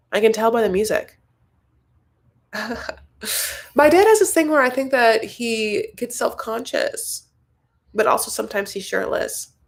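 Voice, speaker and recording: A woman's voice: medium pitch, gravelly, fairly bright tone. A young woman hosting a casual live-stream chat from home, rambling through her thoughts and reading viewer comments aloud. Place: home, Los Angeles.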